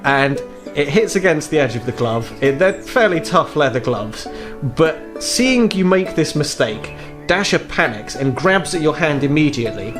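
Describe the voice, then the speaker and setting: A man narrating as game master of a tabletop role-playing game, chatty and rambling with frequent fillers. His voice sits fairly high for a man. Music plays clearly in the background. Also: lively intonation, normal speed.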